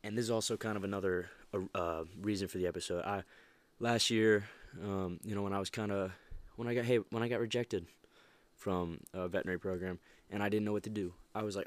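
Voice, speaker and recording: Deep-voiced young man, emphatic podcast host. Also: steady tone, fast talker, no room sound. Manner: emphatic, rambling with many restarts and fillers. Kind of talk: casual motivational monologue.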